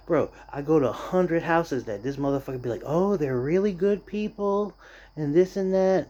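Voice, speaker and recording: A man rants about his job in a loose, profane storytelling style, jumping into mocking impressions of others. His voice is dark and mellow, and the recording sounds somewhat dull and lo-fi. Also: on the high side. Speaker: podcast or vlog host venting about work. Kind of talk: casual rant.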